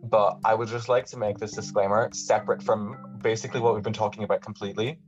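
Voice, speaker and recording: An Irish man chatting as a podcast guest, quick and animated, often restarting mid-sentence. His voice sits low. The audio is dull and lo-fi, with faint music underneath. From Ireland. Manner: animated, talks fast with many restarts. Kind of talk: casual podcast chat.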